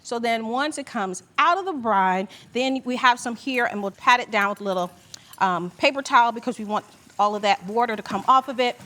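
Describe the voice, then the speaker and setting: A woman's voice: fairly high pitch, fairly quick, bright, forceful tone. A woman chef doing a cooking demonstration in a studio kitchen, upbeat and gushing. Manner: upbeat, gushing, says "beautiful" a lot.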